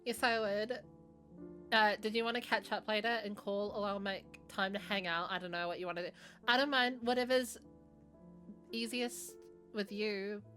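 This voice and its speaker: A woman's voice: medium pitch, steady tone, moderate pace, fairly bright tone, soft background music. A woman streamer chatting casually over gameplay, hesitant and trailing off.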